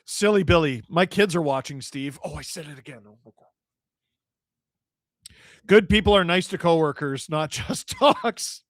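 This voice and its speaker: Excitable joking man hosting a live stream. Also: a little high, a little slow, pauses often, no echo, studio quality. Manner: joking, excitable, shouts on goals. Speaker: livestream host reading chat. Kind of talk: casual live watch-along chat and play-by-play.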